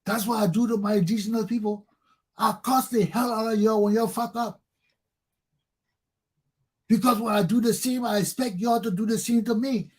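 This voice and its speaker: A Liberian man with a Liberian English accent, hosting a talk show as an impassioned monologue that swings from low intensity to loud urging. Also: steady tone, normal speed, pauses often, breathy edge. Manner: preachy and fiery, swings from low intensity to shouting.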